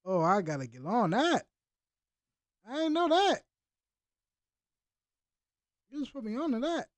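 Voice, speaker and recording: A man's voice: very high voice, big pitch swings, unhurried, pauses often, no echo, studio quality. A man chatting casually in slang with live viewers as he reacts to a video. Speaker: reaction streamer.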